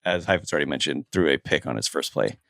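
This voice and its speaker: Brief: relaxed male co-host, mid pitch, lively intonation, bright tone. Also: fast talker, vocal fry, dry recording, clean studio sound. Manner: easygoing, laughs often. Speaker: podcast co-host. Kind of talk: casual sports chat.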